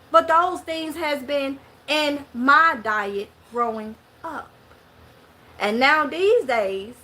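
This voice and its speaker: This middle-aged woman, a vlogger from Mississippi, delivers a casual monologue to the camera in a heavy Southern drawl, lively and full of country expressions. She has a high-pitched voice that sounds bright and strong.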